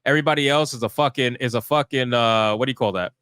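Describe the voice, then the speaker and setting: A man's voice: medium pitch, quick pace, fairly bright tone, smooth, no echo. A man hosting a live stream, giving heated, profane commentary in a fired-up, emphatic way.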